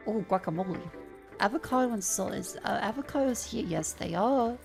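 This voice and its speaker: A woman's voice: medium pitch, lively intonation, a little fast, vocal fry, faint music behind. Playful rambling woman streamer. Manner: playful, rambling rants with silly voices. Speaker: VTuber streamer. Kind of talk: casual stream chat.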